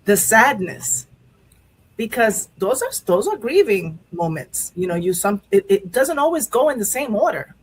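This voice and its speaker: A woman's voice: mid-range voice, sing-song, a little slow, breathy edge, low-quality recording. A woman hosting a live talk show, speaking candidly and emotionally about grief, rambling with many restarts. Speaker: show host.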